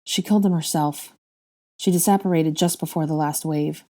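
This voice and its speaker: A somber young wizard who delivers hard news gravely and bluntly. A woman reading a fan story voices him in a low, mellow tone. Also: steady tone, moderate pace, lightly acted.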